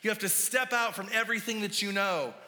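A male pastor delivers a sermon with an animated, emphatic style, pushing his voice up for key points and slipping into quick asides. His voice sits high and bright. It carries through the long reverb of a large church hall. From United States.

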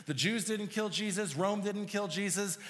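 A man's voice: sits high, normal speed, fairly bright tone. A man preaching a sermon, reading scripture aloud and explaining it verse by verse with emphasis. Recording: long hall reverb.

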